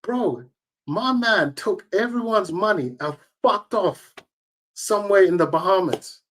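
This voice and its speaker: A man's voice: high voice, lively intonation, unhurried, a bit bright. A man, a tournament organizer telling emphatic, slang-heavy stories as an interview guest. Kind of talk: casual interview storytelling.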